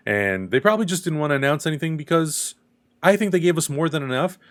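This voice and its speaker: A man's voice: a little high, expressive, fast talker. A man hosting a casual fan discussion, talking enthusiastically and a little rambling before signing off to viewers. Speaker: podcast host.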